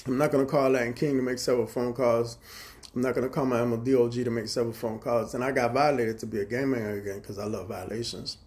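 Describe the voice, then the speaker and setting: A man talking into his phone on a livestream, from Chicago and at a middle pitch. He rambles through a long story, swearing freely and jumping between what he said and what the other person said, his voice rising loud and high whenever he quotes himself. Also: steady tone. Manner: profane, fast-shifting, quotes others in dialogue. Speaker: livestream host.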